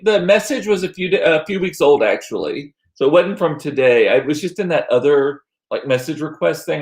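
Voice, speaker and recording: A man in his forties chatting casually with his stream viewers, telling rambling stories full of asides and restarts. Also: a little high. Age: 40s. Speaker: livestream host reading chat.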